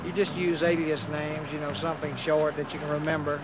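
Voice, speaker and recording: A truck driver with a mild Kentucky accent talking casually in an easygoing, plain-spoken way. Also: male voice, on the high side, flat delivery, brisk, noisy background. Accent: Kentucky, mildly southern. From Louisville, Kentucky. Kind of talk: casual interview.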